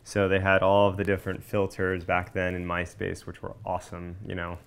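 A man with a very deep voice and a lot of gravelly fry explains how he met his partner. He talks in a casual, conversational way with easy fillers. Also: completely flat delivery, a little fast. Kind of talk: casual storytelling.

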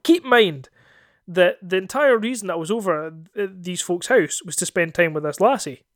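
A young Scottish man on a podcast, telling a lively, sweary story and acting out the voices in it. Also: high voice, normal speed, no echo, studio quality. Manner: animated, swearing, acts out voices in his stories. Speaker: podcast co-host. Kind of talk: casual storytelling chat.

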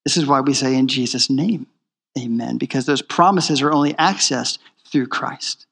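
A man's voice: mid-range voice, normal speed, creaky, a bit bright, husky, in a large hall. A man preaching a sermon in a church, emphatic and repeating his key phrases. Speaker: pastor.

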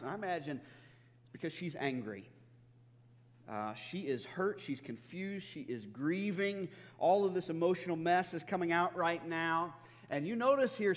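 A man with a fairly high voice preaching in a church, earnest and conversational. He restarts his phrases often and acts out the quotes he tells. His voice carries a long reverb through the hall. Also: fairly bright tone. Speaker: pastor. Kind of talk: sermon.

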